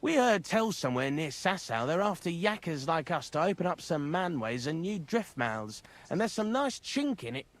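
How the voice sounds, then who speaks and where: An actor playing a rough, cheerful miner in a video game, talking in thick miners' slang. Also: male voice, a little high, big pitch swings, normal speed, few pauses.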